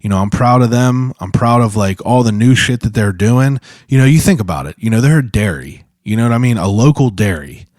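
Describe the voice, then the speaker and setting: A man's voice: medium pitch, lively intonation, a little fast, hardly any pauses, a little mellow, dry recording, studio quality. A man hosting his own podcast solo, talking in a casual, profane, rambling way full of fillers. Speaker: podcast host.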